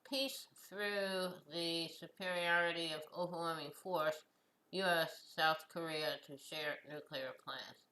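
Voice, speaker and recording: A woman hosting her own show, reading news headlines and adding short comments, slow and halting with many fillers and restarts. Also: low-pitched, bright, forceful tone, poor audio. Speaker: host.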